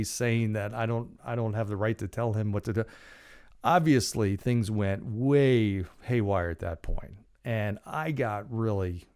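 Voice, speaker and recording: A man's voice: fairly low pitch, a little mellow, clear, resonant tone. A middle-aged man hosting a podcast, telling a personal story in a casual, rambling way with lots of fillers and restarts. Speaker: podcast host.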